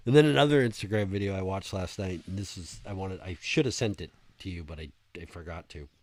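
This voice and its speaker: A man's voice: low voice, quick pace, a little mellow, no echo. A man co-hosting a podcast, telling stories in a casual, profane way on a close mic. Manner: storytelling, profane, laughing. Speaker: podcast co-host. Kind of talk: casual chat.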